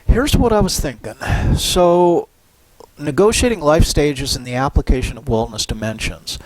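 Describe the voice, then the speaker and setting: A middle-aged man giving a university psychology lecture in a relaxed, conversational way, often tagging on "right?" and "you know". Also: fairly high pitch, moderate pace, poor audio. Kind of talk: recorded lecture.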